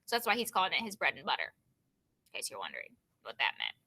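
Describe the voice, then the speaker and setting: A woman's voice: sits low, wildly swooping pitch, quick pace, sharp tone, breathy edge. A woman teacher reading a novel aloud over a video call, stopping to explain it in a chatty way and check in with her students.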